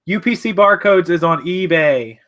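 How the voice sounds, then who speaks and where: A man's voice: sits high, animated, normal speed, a bit bright. A man hosting a casual live stream from his home office, chatting loosely, correcting himself and answering viewers' comments. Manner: rambling, chatty, self-correcting.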